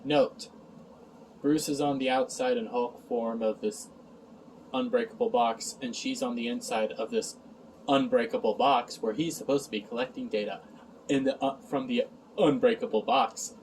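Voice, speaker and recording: A man's voice: mid-range voice, steady tone, normal speed, a little mellow, far from the mic, slight background noise, poor audio. A man recapping an episode in a casual review, sarcastic and exasperated, sighing and mocking the lines he quotes.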